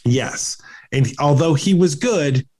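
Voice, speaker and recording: A man's voice: on the high side, unhurried, mellow. Rambling man co-hosting a podcast. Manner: rambling, many restarts and fillers. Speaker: podcast co-host. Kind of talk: casual chat.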